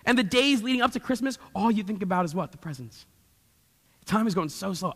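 A man's voice: sits high, lively intonation, brisk, slightly rough, long reverb tail. A young adult man preaching a sermon from a church stage, telling stories with animation and playful asides to the congregation. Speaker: pastor.

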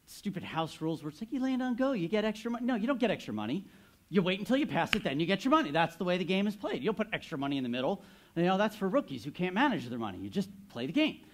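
A man in his thirties, a pastor giving a sermon, telling a story with playful asides to the congregation. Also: high voice.

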